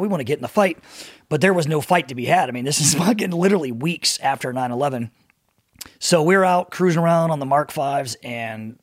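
Profane laughing ex-SEAL storyteller. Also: male voice, medium pitch, dry recording, clean studio sound. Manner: profane, laughing, acts out quoted voices. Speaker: former Navy SEAL guest storyteller. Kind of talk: casual podcast storytelling.

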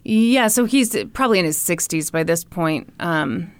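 Lively podcast woman spinning a story, dry close sound, bit high voice. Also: smooth, no echo. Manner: playful, teasing, dramatic pauses. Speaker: podcast co-host. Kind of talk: comedic storytelling.

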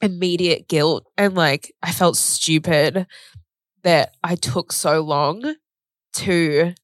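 A young woman with a slightly low voice chats on a podcast. She rambles through a story with plenty of fillers and plays out the other people's lines herself. The sound is dry and close, with no room around it. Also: slow, dry recording. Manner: rambling storytelling, many "like" fillers, re-enacts dialogue. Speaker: podcast co-host sharing a personal story. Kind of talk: casual chat.

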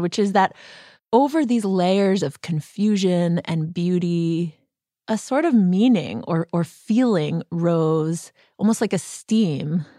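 A woman's voice: on the low side, a little mellow, no echo, studio quality. A woman from the Boston area hosting a podcast, talking in a playful, chatty way and dropping to a whisper in places. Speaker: podcast host. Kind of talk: casual chat.

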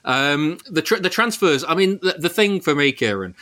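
A man hosting a casual podcast, halting and full of fillers as he steers the talk. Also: on the high side, lively intonation, pushed and bright. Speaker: podcast host.

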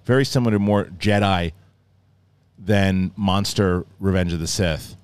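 A middle-aged man giving a casual, rambling review of a show, often acting out scenes in quick mock voices. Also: low voice, a little mellow, clear, resonant tone.

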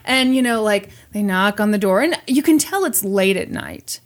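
A woman hosting a podcast, casually telling a true-crime story in an animated way, acting out quotes and laughing often. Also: mid-range voice, moderate pace. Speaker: podcast host.

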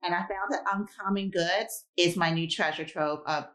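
A woman with a New York accent, chatting in a relaxed podcast conversation. Her voice sits lower than most women's. She talks with lively enthusiasm. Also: moderate pace. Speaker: podcast co-host. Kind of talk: casual chat.

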